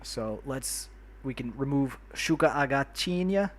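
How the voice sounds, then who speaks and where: Dude from new york, chatty livestream host talking to chat, middle pitched voice. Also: male voice, animated, measured pace, slight background noise. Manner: chatty, friendly, greets and thanks viewers by name. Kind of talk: casual livestream chat while playing a city builder.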